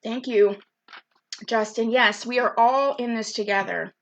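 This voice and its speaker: A woman with a higher-pitched voice leads a live virtual youth workshop, keeping a steady tone and an unhurried pace. She's a chatty, upbeat program specialist who reads viewers' comments aloud by name over a video call.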